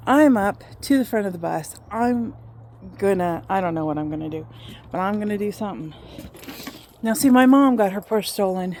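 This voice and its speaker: A woman in her fifties casually telling a personal story, animated and acting out what people said. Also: mid-range voice, slight background noise. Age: 50s.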